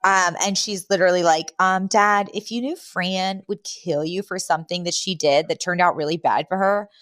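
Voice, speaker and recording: A woman co-hosting a podcast, casually retelling scenes and jumping into higher voices for the quotes. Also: steady tone, normal speed, a bit bright, no room sound. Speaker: podcast co-host. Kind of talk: casual recap chat.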